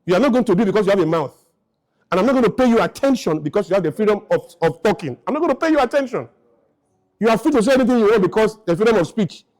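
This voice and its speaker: A man in his fifties gives a motivational lecture to a live audience, racing along in a high-pitched, slightly mellow voice with lively intonation. He speaks emphatically and fires off rhetorical questions.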